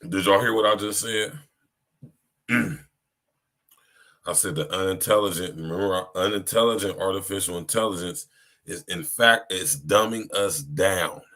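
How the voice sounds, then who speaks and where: Deep-voiced man preaching on a podcast. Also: a little slow, pauses often, pushed and bright. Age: 30s. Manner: preachy, repeats "you hear me" and "man". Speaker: podcast host. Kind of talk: casual live-stream monologue.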